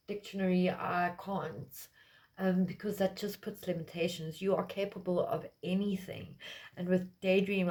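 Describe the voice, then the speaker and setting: A woman's voice: fairly low pitch, warm tone. A woman giving a casual collective tarot reading, talking in a meandering way with lots of fillers. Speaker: tarot reader.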